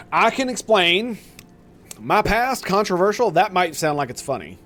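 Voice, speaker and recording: A man streaming a video game, rambling with excited, profane commentary. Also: sits high, slow. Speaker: gaming streamer. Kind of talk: casual gameplay commentary.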